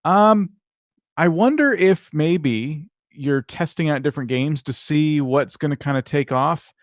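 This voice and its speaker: A man co-hosting a channel review, relaxed and thinking aloud as he goes. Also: on the high side, measured pace, no echo, clean studio sound. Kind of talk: casual channel review chat.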